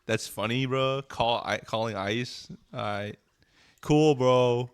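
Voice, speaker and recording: Brief: mocking male streamer reacting to music, blunt and profane, mid-pitched voice. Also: slow pace, smooth.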